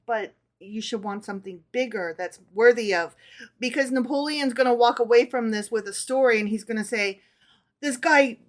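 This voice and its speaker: A woman's voice: fairly high pitch, fairly quick. A woman co-hosting a casual book club podcast, reading stories aloud and often checking in with her listener.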